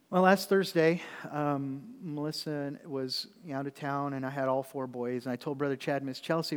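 A man's voice: medium pitch, big-room sound. A man preaching a sermon as pastor, telling a story in a conversational, folksy way with frequent asides to the congregation. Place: church sanctuary.

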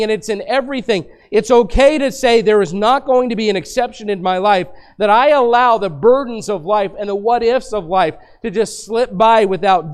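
A man's voice: sits high, a little mellow. A middle-aged male pastor preaching a sermon, asking and answering rhetorical questions with rising emphasis.

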